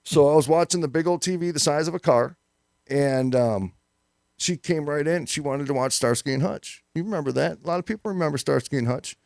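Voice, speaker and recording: A man's voice: on the high side, a little fast, creaky, a little mellow, dry recording, studio quality. A man co-hosting a live talk show, joking around and telling stories theatrically. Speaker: co-host. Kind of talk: casual live show banter.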